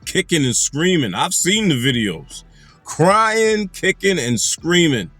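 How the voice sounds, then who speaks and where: A man's voice: fairly high pitch, sing-song, a little slow, fairly bright tone, breathy edge, no echo, soft background music. A man delivering an angry, profane commentary rant, hammering his points with repetition. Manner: angry, emphatic, heavy profanity, repeats phrases for emphasis. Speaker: commentary channel host.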